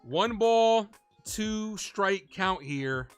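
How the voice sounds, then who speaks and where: A high-pitched man speaks extremely slowly in a clean tone as he calls play-by-play live for his fan stream, with soft music underneath. He's excitable, shouting at the big moments, and reads donations while chatting with his viewers.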